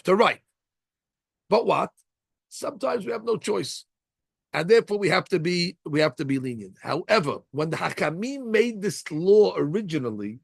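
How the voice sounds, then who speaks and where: A man, a rabbi, giving an animated Torah class, acting out little scenes as he explains the law. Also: high-pitched, vocal fry, dry recording. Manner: acts out little scenes, lively and conversational.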